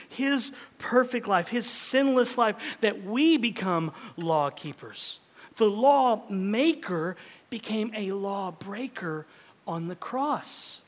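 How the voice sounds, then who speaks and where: A male pastor preaching a sermon in a dramatic style, swinging between loud emphasis and hushed whispers. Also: sits high. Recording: long reverb of a large hall.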